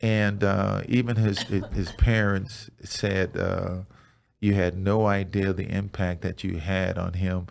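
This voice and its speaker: A man in his sixties tells stories in a relaxed, rambling way, full of restarts and small fillers. His voice sits low with a gravelly fry at the ends of phrases. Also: slow pace, a little hiss or hum. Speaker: guest, retired football player. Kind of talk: casual chat.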